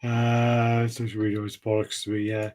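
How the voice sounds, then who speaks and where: A man's voice: fairly low pitch, completely flat delivery, moderate pace, a little mellow. A man co-hosting a casual chat show, swearing freely and trailing off with fillers. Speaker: co-host of a collectibles chat show.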